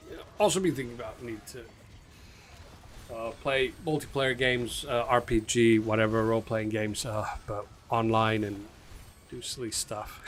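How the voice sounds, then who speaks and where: A man's voice: lowish voice, slight background noise. A man hosting a casual live stream, chatting loosely with viewers, full of fillers and asides. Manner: rambling, chatty, reading viewer names aloud, frequent fillers. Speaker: stream host.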